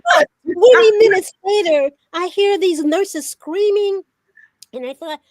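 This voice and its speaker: A woman's voice: extremely high pitch, unhurried, dry recording. An older woman, a veteran journalist, telling stories from her career in a casual conversation and acting out the dialogue she recalls. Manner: animated storyteller who acts out quoted dialogue. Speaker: veteran journalist, talk show guest. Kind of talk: casual storytelling.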